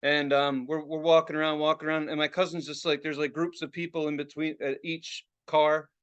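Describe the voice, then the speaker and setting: A man co-hosting a podcast, telling a story in casual, excitable, profane chat. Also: fairly high pitch, fairly quick, clear, resonant tone. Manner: profane, excitable, acts out other people's reactions. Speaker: podcast co-host.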